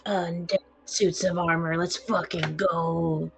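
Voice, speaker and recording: A woman player chatting loudly and laughing during a tabletop game. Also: fairly low pitch, little pitch movement, slow, gravelly, background noise. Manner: loud, laughing. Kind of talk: casual chat.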